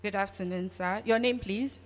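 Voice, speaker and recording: A woman's voice: mid-range voice, moderate pace. A woman with a Nigerian English accent hosting a live event, chatty and teasing as she talks with the audience. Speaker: event host. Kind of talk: lively audience engagement. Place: event hall. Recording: long hall reverb.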